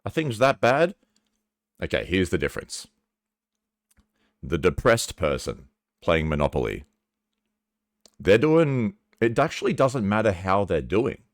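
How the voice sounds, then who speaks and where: A man with a very low voice talks candidly to camera, casual and earnest, swearing now and then. His pitch swings widely as he explains. The sound is dry, with no room echo. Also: big pitch swings, unhurried, pauses often. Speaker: vlogger. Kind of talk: candid personal talk to camera.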